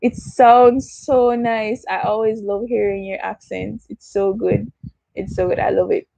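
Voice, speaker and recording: A woman's voice: mid-range voice, steady tone, measured pace, creaky, dark tone, no room sound. A young adult woman with a Jamaican accent, chatting casually as she hosts a livestream Q&A, slipping into patois and answering viewer comments. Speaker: YouTuber hosting a livestream Q&A.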